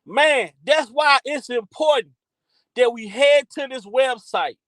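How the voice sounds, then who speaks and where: A man hosting a livestream, hyping up his chat with loud, repetitive shout-outs. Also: extremely high pitch, slow pace, dry recording, rough recording. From Texas by way of Louisiana. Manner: hyped, repetitive, calls out to chat. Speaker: livestream host.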